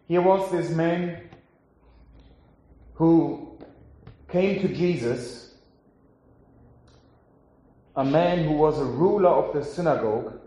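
A man preaching, reading scripture aloud and then giving a sermon in a slow, solemn way. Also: a little high, warm tone. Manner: slow, solemn delivery with drawn-out phrases. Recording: very echoey hall.

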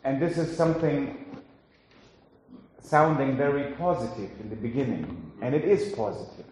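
A man preaching, reading scripture aloud and then giving a sermon in a slow, solemn way. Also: medium pitch, a little mellow, a little hiss or hum. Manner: slow, solemn delivery with drawn-out phrases. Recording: very echoey hall.

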